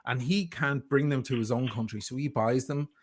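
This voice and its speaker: A man's voice: mid-range voice, steady tone, moderate pace. A man speaking as a guest in a heated livestream discussion, defending himself emphatically and sarcastically. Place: lives in Venice.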